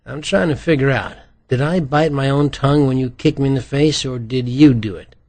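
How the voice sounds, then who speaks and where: A man's voice: mid-range voice, moderate pace, a little mellow, voice pushed up, natural voice. A man voicing a witty, playful male writer who jokes wryly in an audiobook. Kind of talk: audiobook character voice.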